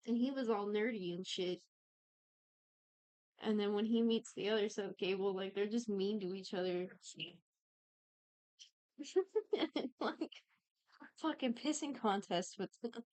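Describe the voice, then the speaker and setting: A young woman speaks in a mid-range voice with no room sound. She co-hosts a podcast and recaps a TV series casually, rambling, swearing, and slipping in quick impressions of the characters' lines.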